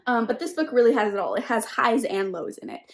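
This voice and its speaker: A woman's voice: on the high side, expressive, brisk. A young woman vlogging about books, gushing casually with many "like" fillers and sometimes dropping into a whisper. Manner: gushing, filler-heavy, lots of "like"; drops into a whisper late at night. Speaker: book vlogger. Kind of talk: casual reading vlog.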